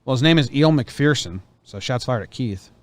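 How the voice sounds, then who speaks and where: A man's voice: medium pitch, animated, moderate pace. A man co-hosting a casual show, reading news stories aloud and rambling through anecdotes with many restarts. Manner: rambling, self-correcting storyteller. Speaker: co-host.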